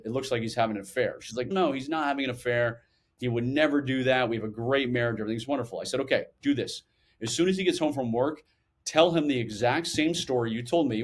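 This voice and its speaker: Animated man telling stories. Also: medium pitch. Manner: animated, acts out quotes. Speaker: guest, former intelligence officer. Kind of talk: storytelling interview answers.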